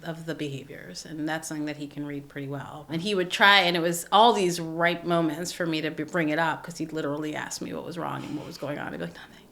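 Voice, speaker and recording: A woman's voice: sits low, little pitch movement, fast, hardly any pauses, a bit bright. A woman in her thirties, a podcast guest and the host's best friend, talking openly in casual chat and laughing easily. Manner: open, chatty, laughs easily.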